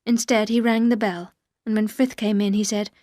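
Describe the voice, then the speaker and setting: A woman narrating a story for language learners, clear and careful, at a mid pitch. The reading is steady and even. The sound is dry and close to the mic. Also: moderate pace, no echo.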